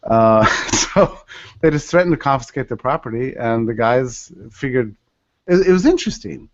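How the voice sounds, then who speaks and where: A man's voice: medium pitch, normal speed, dry recording. Storytelling man, dry dull audio. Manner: animated, acts out quoted voices. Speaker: podcast guest. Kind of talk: storytelling in a podcast interview.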